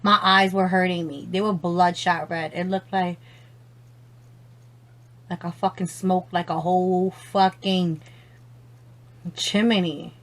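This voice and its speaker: A young woman does her makeup on camera at home and chats on the phone as she goes. She drawls her words out slowly and swears freely. She keeps exclaiming and laughing between lines. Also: on the low side, steady tone. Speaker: beauty vlogger. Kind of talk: casual makeup chat on the phone.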